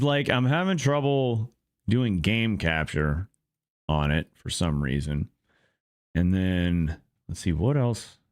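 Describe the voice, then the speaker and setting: A young man with a very low voice gives casual gameplay commentary. He talks slowly, rambling and swearing as he grumbles about his game. The recording is dry and close. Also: no room sound. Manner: rambling, profane, frustrated grumbling. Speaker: gaming channel host.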